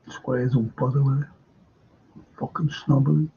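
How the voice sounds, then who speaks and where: A man's voice: medium pitch, flat delivery, moderate pace, creaky, slightly rough, phone-quality sound. A man, hosting a casual football chat, blunt and opinionated, chuckling at his own jokes. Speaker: host.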